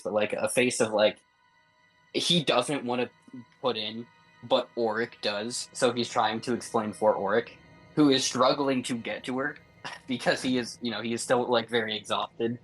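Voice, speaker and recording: A young man playing a tabletop game, talking flatly and hesitantly with many fillers. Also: mid-range voice, normal speed, faint music behind, rough recording. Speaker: player.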